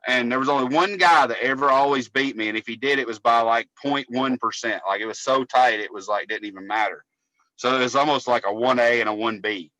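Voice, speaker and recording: Guy on a podcast, bright forceful voice, swears a lot, dry close mic. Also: medium pitch, fairly quick, dry recording, poor audio. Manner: profane, rambling storyteller. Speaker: podcast co-host, cable technician. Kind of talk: casual podcast chat.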